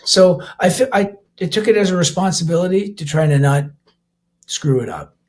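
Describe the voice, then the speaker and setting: A man's voice: sits high, animated, moderate pace, darkish tone. Rambling older man, easy laughter. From Canada. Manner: rambling with many restarts, laughs easily. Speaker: rock band vocalist and keyboardist, guest. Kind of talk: casual interview talk.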